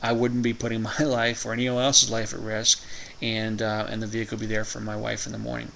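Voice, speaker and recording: Gravelly man telling a rambling story. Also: fairly low pitch, flat delivery, a little fast, sharp tone, slight background noise, rough recording. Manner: rambling, chuckling often. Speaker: vlogger. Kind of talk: casual storytelling.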